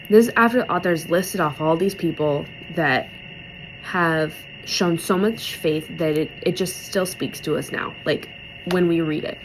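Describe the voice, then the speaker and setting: A woman's voice: lowish voice, takes it slowly, slight background noise, low-quality recording. Tearful woman sharing her faith. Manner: emotional, on the verge of tears, chatty with many "like"s. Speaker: speaker in a church devotional video series. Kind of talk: casual heartfelt devotional talk.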